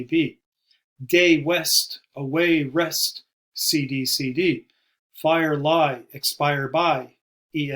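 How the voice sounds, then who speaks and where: A man giving a recorded poetry lesson, explaining terms in a measured way and slowing down to stress key words. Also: a little high, pushed and bright. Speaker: poetry teacher. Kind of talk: recorded video lecture.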